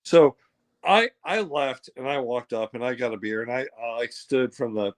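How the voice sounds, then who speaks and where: A man's voice: medium pitch, moderate pace, rough recording. A man telling a long story in casual chat, rambling with many restarts and fillers and acting out the people in it. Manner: acts out the people in his story.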